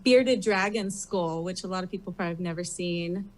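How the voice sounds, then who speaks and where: A woman's voice: fairly low pitch, brisk, darkish tone. A woman guest on a talk show, chatting casually and rambling with lots of fillers. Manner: rambling, full of "like" and "um". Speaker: guest drag performer. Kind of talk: casual interview chat. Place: comedy theater stage.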